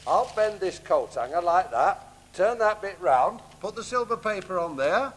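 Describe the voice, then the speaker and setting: A man's voice: sits high, animated, moderate pace. A man playing a bumbling, kindly pantomime father who makes puns and muttered asides in a live stage comedy. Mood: doting. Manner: gentle, punning, mumbling asides. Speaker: comic actor. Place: theatre stage.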